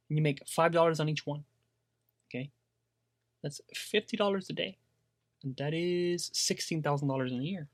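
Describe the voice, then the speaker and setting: A man's voice: a little high, dry recording, clean studio sound. A man talking casually and animatedly to camera, giving business advice and acting out little quotes. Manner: animated, conversational, acts out quotes, many fillers. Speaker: online seller and business coach.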